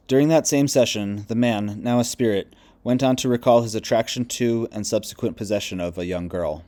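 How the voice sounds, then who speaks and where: A male audiobook reader with a lowish, mellow, warm voice, narrating nonfiction in a measured, even way. The reading is steady and unhurried in manner.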